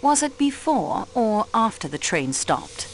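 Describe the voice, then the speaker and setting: A composed female investigator with a French accent for a mystery game. She questions politely and formally, her pitch rising and falling widely. Her tone stays even and measured. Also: creaky, slight background noise. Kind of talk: video game voice acting.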